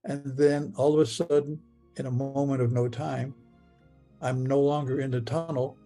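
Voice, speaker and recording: A man retelling a personal experience in the first person and the present tense, halting and stammering as he repeats his words. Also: medium pitch, level tone, mellow, soft background music. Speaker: near-death experience witness.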